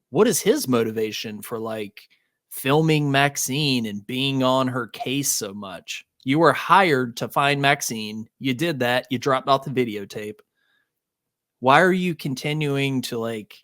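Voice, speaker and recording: Slow-talking male podcast guest. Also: mid-range voice, a bit bright, no echo, clean studio sound. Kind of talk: casual film review chat.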